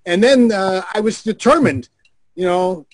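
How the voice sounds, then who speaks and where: Older man, high-pitched voice, dry close sound, animated profane storyteller, video call. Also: measured pace, dry recording. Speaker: guest on a video call show. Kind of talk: anecdotal storytelling.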